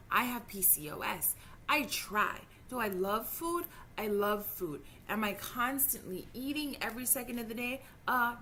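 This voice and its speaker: Her voice fairly high, pushed and bright, with a little hiss or hum behind it, a Jamaican vlogger in her thirties delivers a heated, emotional rant. Upset and frustrated, she vents frankly, swears freely and stumbles over her words when upset.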